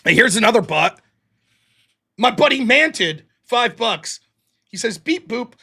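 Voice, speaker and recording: Male streamer, high and animated, mocking humor, casual super-chat reading. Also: a little slow, gravelly, breathy edge. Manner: reads donor messages in a lower, quieter voice. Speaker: livestream host reading super chats.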